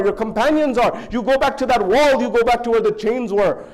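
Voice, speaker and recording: A man preaching a sermon in a fairly high, animated voice. He tells the story in waves, dropping low and quiet and then rising sharply, and he acts out the excited questions of the people in it. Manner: storytelling with sweeping rises and drops in pitch and volume; acts out dialogue in an excited raised voice. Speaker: speaker at a religious gathering.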